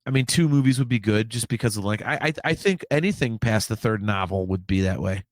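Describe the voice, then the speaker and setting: A man's voice: fairly low pitch, animated, fairly quick, no room sound, studio quality. A man co-hosting a podcast, talking in casual chat, rambling and repeating his words as he argues a point. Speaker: podcast co-host.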